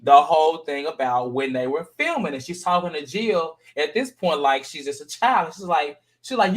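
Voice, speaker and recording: A man hosting a casual panel chat, animated and jumping into high voices to act out quotes. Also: normal speed, few pauses. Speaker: podcast panel host recapping a reality show.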